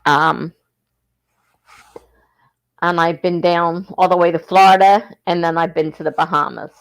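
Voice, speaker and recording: A woman's voice: lowish voice, fairly even intonation, measured pace, creaky. A woman from southern New Jersey with a South Jersey accent, hosting a casual livestream, chatting and reading viewer comments aloud, laughing often. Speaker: livestream host.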